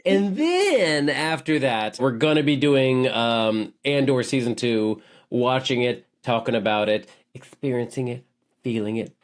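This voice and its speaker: A man's voice: mid-range voice, animated, a little slow. A man co-hosting a show review, chatting in a jokey, rambling, loose way. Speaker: show co-host. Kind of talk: casual review chat.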